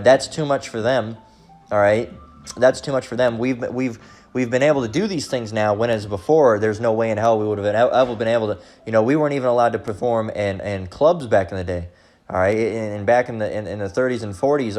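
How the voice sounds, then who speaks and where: A man with a fairly low, darkish voice preaches in a loose, rambling way. It is an informal religious teaching monologue, full of constant "all right"s and blunt profanity.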